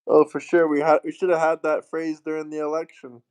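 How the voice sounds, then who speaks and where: A man's voice: on the high side, completely flat delivery, a little fast, a little mellow, smooth. A man hosting a casual livestream, reading out viewer comments and thanking them in an upbeat way. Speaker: livestream host.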